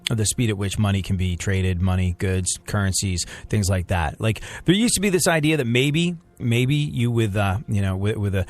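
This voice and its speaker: A man hosting a comedy news podcast, rambling and excitable, with many restarts. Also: lowish voice, normal speed, hardly any pauses, soft background music. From United States. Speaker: podcast host.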